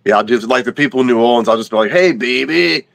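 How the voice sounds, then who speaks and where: A man's voice: medium pitch, level tone, racing, no room sound. A man with a Louisiana accent, speaking as a guest in a casual interview in a plainspoken, self-deprecating way.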